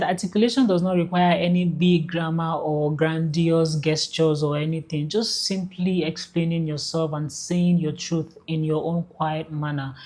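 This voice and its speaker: A woman's voice: deep voice, a little mellow. A woman giving casual dating advice straight to the viewer in a direct, conversational way. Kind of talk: casual advice talk to camera.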